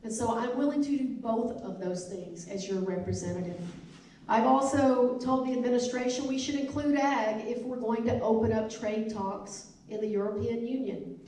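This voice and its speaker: A woman's voice: fairly high pitch, fairly even intonation, moderate pace, dark tone, far from the mic, a little hiss or hum. Southern-accented woman speaking in an echoey hall. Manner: emphatic, repetitive oratory. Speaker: congresswoman at a town hall. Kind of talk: town hall speech. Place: elementary school hall.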